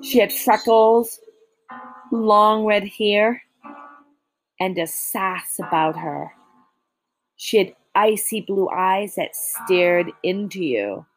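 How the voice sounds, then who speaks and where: A woman reading a spooky story aloud in a slow, deliberate way, with small slips and restarts. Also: medium pitch. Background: faint music.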